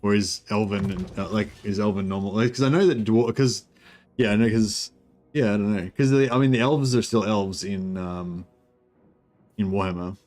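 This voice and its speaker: A man's voice: fairly low pitch, moderate pace, darkish tone, soft background music. A man giving casual, rambling commentary on a strategy game, thinking aloud with many fillers and restarts. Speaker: streamer.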